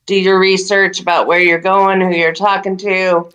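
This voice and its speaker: Woman co-host, casual podcast chatter, mid pitch, meandering and filler-heavy. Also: level tone, normal speed, a bit bright, dull audio. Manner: chatty, many fillers and restarts.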